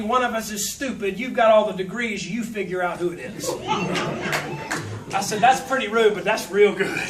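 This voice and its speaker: A very high-pitched man from South Louisiana delivers a humorous, homespun motivational talk packed with stories, switching into character voices for quotes. Background noise is present, and the recording comes from far back in an echoey hall.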